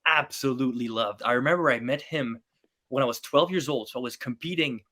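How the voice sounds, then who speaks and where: A young man in his late teens with a French accent, speaking English as a later language. He tells stories in an animated way with plenty of fillers, at a middle pitch, as a podcast guest. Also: a little fast. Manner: animated storyteller, many fillers. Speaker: guest magician. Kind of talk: podcast interview.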